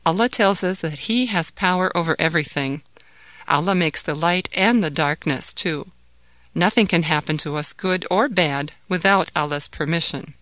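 A woman narrating a children's storybook in a clear, measured reading voice. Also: lowish voice, fairly bright tone, no room sound.

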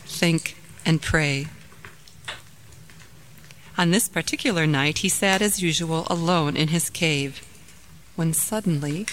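Low-voiced woman reading a children's story. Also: a little hiss or hum. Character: kind patient mother. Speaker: narrator.

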